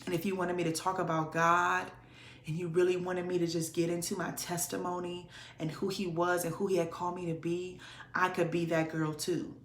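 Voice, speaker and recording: A woman's voice: level tone, moderate pace, reverberant. A woman podcast host, possibly from Detroit, candidly telling a personal story in a conversational way. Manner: candid, conversational, with sudden pitch jumps to demonstrate voices.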